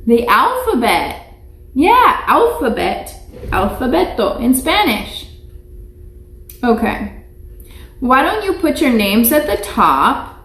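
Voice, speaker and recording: A preschool teacher leads a live online lesson for young children, her high, slightly bright, sing-song voice moving slowly with long pauses. She patiently repeats each word for the kids to echo back, and the room sounds echoey.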